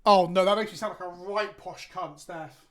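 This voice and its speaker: A man's voice: high-pitched, fairly even intonation, moderate pace. An English man chatting casually on a stream, rambling and swearing with self-mocking banter. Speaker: Magic card game content creator. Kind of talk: casual chat on a live stream.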